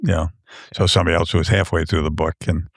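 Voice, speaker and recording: A man's voice: sits low, steady tone, fast talker, gravelly, no echo. A man, a book author, chatting as a guest in a podcast studio, telling stories with many fillers and restarts. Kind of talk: casual podcast chat.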